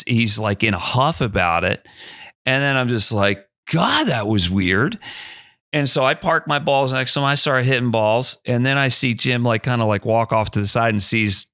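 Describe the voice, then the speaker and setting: A middle-aged man tells a story in a relaxed, chatty way, slipping into the voices of the people in it. His tone is bright and forward, and the recording is close and dry with no room sound. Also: mid-range voice, clean tone, no echo. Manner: animated, acts out dialogue in the anecdote. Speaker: podcast guest. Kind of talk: casual storytelling.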